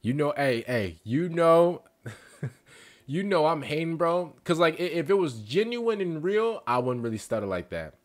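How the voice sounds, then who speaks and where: Excitable young man reacting with slang. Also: a little high, a little slow. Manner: excitable, stuttering, slangy, mock outrage. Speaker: reaction streamer. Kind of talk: reaction commentary.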